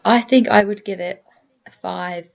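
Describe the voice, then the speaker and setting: A woman's voice: mid-range voice, unhurried, vocal fry. A woman co-hosting a podcast, chatting in an easygoing way about an episode. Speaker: podcast co-host. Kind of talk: casual recap chat. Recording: dull lo-fi recording.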